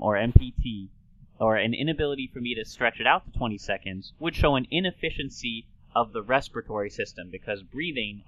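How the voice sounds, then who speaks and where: A man who is a doctor and talk show host, explaining in a lecturing way with quick asides. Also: medium pitch, fairly bright tone, no echo, muffled recording.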